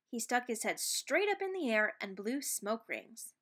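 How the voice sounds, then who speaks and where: A woman reading a children's picture book aloud, expressive and playful with sound words. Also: fairly high pitch, measured pace, hardly any pauses. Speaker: read-aloud narrator.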